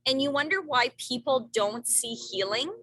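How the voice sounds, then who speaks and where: A woman's voice: sits high, normal speed, dry recording. A woman talking casually in a group discussion, rambling with many restarts and asking "right?" as she goes, acting out what others say. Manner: animated quoting of others. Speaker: book group member.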